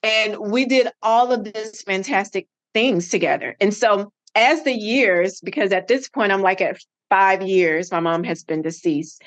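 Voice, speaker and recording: A middle-aged woman, a podcast guest, telling a personal story with lively acted-out dialogue. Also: mid-range voice, unhurried. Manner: animated, acts out quoted dialogue.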